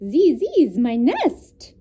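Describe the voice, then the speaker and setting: A woman voicing a pushy, stubborn adult duck in a read-aloud storybook, stretching her words out slowly. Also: high voice, big pitch swings, warm tone, voice pushed up, full character voice. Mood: bossy. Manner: drawn-out, exaggerated speech.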